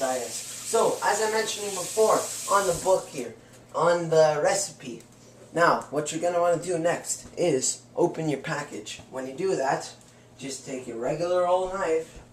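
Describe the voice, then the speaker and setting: A man's voice: on the high side, slight background noise. Boastful young man in an echoey kitchen. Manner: playful, boastful, chatty. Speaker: home cook hosting a joke cooking show. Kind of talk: comic cooking demonstration. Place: home kitchen. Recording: roomy kitchen with clattering dishes. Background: faint clatter of cutlery and pans.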